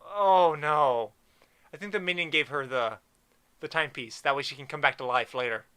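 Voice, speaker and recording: A man giving excited gameplay commentary, reading the game's dialogue aloud and reacting with gushing, animated guesses about the story. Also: on the high side, moderate pace, smooth. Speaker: let's play gamer.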